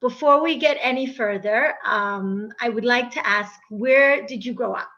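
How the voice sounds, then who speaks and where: American woman, podcast host, gushing casual chat, gravelly fry, muffled lo-fi sound. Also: on the high side, unhurried, sharp tone. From United States. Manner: chatty, gushing, lots of fillers and restarts. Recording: dull lo-fi recording.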